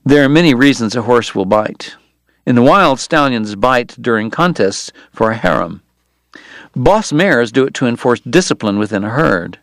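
A man doing scripted audiobook narration in a measured, even storytelling way on a close microphone. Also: medium pitch, no echo.

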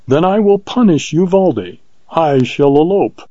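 A man's voice: on the high side, expressive, measured pace, dark tone, no room sound, lo-fi sound, voice pushed up. A man reading aloud, voicing a spirited, proud young woman who is impulsive and teasing. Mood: lively.

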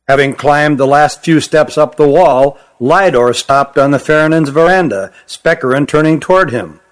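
A man reading a fantasy novel aloud as the narrator, in a steady, even storytelling manner. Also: a little high, normal speed, hardly any pauses. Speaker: audiobook narrator. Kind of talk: scripted narration.

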